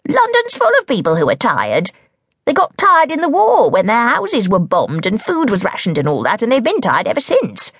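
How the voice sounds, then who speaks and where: A woman's voice: on the high side, wildly swooping pitch, normal speed, a bit bright, slightly rough, no echo, clean studio sound, voice pushed up, full character voice. A woman voicing a fussy, kindly hag who is chatty and easily cross, in a storybook reading. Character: fussy middle-aged female hag, kindly witch. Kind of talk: audiobook character voice.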